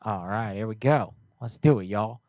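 A young man hosting a prank call show, joking loudly and rambling in casual chat. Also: lowish voice, moderate pace, dry recording.

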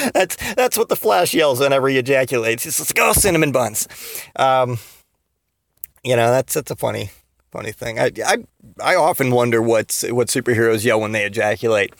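A man's voice: medium pitch, expressive, normal speed, creaky, a bit bright, no echo, clean studio sound. A man hosting a comedy podcast, rambling through a giggly monologue full of fillers and restarts. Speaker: podcast host.

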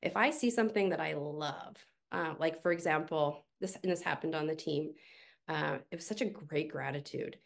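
A middle-aged woman speaks as a podcast guest, relaxed and conversational. Her voice sits a little low and has a gravelly edge. She tells stories in an animated way and drops in casual fillers as she goes. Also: normal speed. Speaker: podcast guest, team coach.

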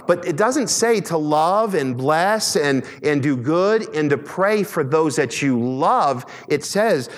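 A man's voice: on the high side, expressive, measured pace, hardly any pauses, long reverb tail. A man preaching a sermon as pastor, earnest, often restarting and repeating words.

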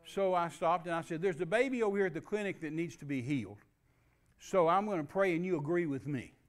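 Older preacher telling a story. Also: male voice, a little high, a little fast. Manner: folksy storytelling with restarts and laughs. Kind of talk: sermon storytelling.

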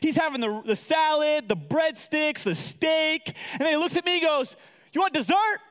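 A man preaching a sermon to a live audience, animated and acting out quoted voices. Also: normal speed, long reverb tail. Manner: animated, acts out quotes with big pitch jumps. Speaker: pastor. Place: large hall with audience.

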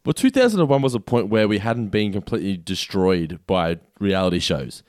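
A man's voice: fairly low pitch, lively intonation, brisk, a little mellow, no echo, studio quality. A man co-hosting a podcast, teasing his partner and swearing casually. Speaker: podcast co-host.

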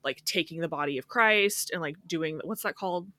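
Lower-voiced woman thinking aloud. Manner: thinking aloud, halting, animated. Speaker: podcast co-host. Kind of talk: casual film discussion.

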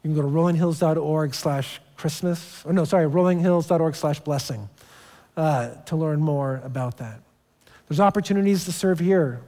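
A man's voice: fairly high pitch, normal speed, mellow. A man in his thirties, a pastor giving a sermon in a church, telling stories casually and often restarting his phrases. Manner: casual storytelling with repeated restarts. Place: church sanctuary. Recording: long church hall reverb.

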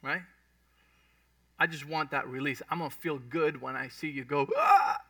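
A man's voice: a little high, fairly even intonation, normal speed, sharp tone, no echo, far from the mic. A man preaching a sermon in a conversational way, often checking in with his congregation. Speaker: pastor. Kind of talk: sermon teaching.

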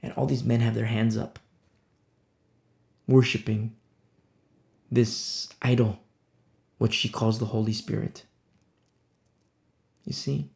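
A man's voice: lowish voice, flat delivery, slow, vocal fry, pauses often, darkish tone. A man preaching an informal sermon, talking conversationally and acting out little scenes. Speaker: pastor. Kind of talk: informal sermon on a Bible passage.

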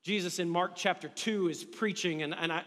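A male pastor preaching a sermon in an energetic, conversational way, with humor. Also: sits high, moderate pace. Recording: long reverb of a large hall.

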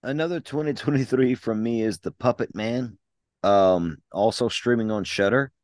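A man's voice: mid-range voice, normal speed, darkish tone, no echo, studio quality. A man co-hosting a casual podcast, reviewing horror movies in a blunt, rambling way with frequent restarts. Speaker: podcast co-host.

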